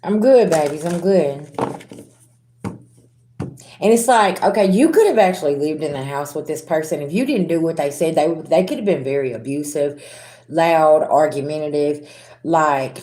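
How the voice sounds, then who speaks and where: A woman's voice: fairly low pitch, dark tone, echoey room. A woman giving a casual tarot reading to her viewers, talking bluntly with sass, slang and swearing. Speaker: tarot reader.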